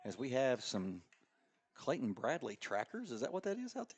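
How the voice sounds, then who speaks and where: A man's voice: moderate pace, husky. Joking man calling a school soccer game. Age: middle-aged. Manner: joking, bursts into excited high calls. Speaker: play-by-play commentator. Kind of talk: local sports commentary.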